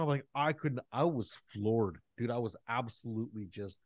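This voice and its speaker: A man's voice: medium pitch, steady tone, fast talker, hardly any pauses, no echo. A man co-hosting a podcast, talking casually and animatedly, swearing freely as he tells stories. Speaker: podcast co-host. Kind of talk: casual chat.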